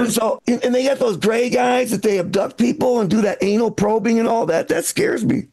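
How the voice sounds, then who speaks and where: A man's voice: very high-pitched, normal speed, creaky, darkish tone. A male stand-up comedian from Michigan doing a live set, casual and profane, talking straight to the crowd.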